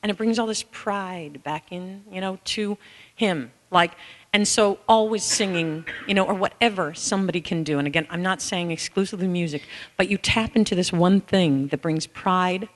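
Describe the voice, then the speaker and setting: A woman giving a candid, animated conference talk to an audience, telling personal stories and breaking into bits of song. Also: lowish voice, moderate pace. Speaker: author and caregiver speaking to an audience. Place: large hall with an audience. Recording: reverberant hall.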